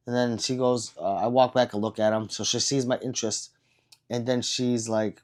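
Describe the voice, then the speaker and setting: A man hosts a casual livestream, reading out viewer comments and replying as he goes. He talks in a rambling, self-deprecating way, stumbling and restarting often, with a voice of ordinary middle pitch. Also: normal speed, darkish tone. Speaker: livestream host.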